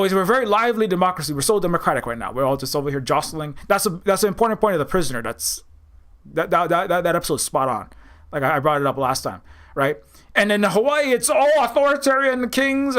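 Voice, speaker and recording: High-voiced man in heated rambling commentary. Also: a bit bright. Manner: rambling, heated, repeats words and restarts; mocks opponents in a raised high voice. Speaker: political commentator. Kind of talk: unscripted political commentary.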